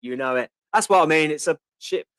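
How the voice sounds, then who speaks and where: A man's voice: a little high, animated, brisk, a bit bright, clear, resonant tone, no echo. Chatty Portsmouth-accented man in his fifties. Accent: Portsmouth (Pompey). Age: 50s. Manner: chatty, answers viewer questions, reads comments aloud with many ums. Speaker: host. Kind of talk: casual live-stream Q&A.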